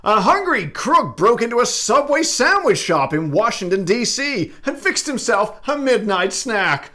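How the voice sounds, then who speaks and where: A man playing a brash male American TV news anchor with a put-on American accent and a loud, punchy delivery. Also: very high voice, big pitch swings, unhurried, pitched above the performer's own voice, heavily acted. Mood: hyped.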